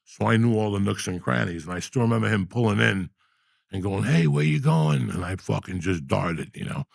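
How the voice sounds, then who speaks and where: A middle-aged man tells his stories with a rough, gravelly rasp in a lowish register. He gets animated and profane as he talks. The sound is close and dry, with no room around it. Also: brisk, no room sound. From New Jersey. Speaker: podcast host. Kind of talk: storytelling in casual chat.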